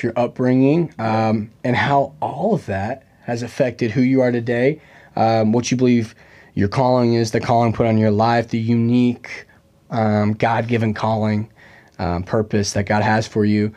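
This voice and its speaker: A man's voice: medium pitch, fairly even intonation, normal speed, a little mellow. A young man hosting a casual podcast chat, joking and rambling with plenty of fillers. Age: young adult. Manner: chatty, joking, full of fillers. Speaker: podcast host.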